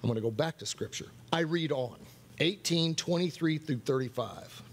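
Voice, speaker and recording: Husky-voiced guy preaching, kinda high, keeps repeating his point. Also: lively intonation, moderate pace. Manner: earnest, repeats key phrases for emphasis. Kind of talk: sermon. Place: church worship night.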